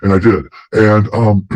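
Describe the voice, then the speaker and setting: A man's voice: fairly low pitch, steady tone, slow pace, dark tone, no echo, dull audio. A man hosting a casual talk show, telling stories in a rambling way with many restarts. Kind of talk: casual conversation.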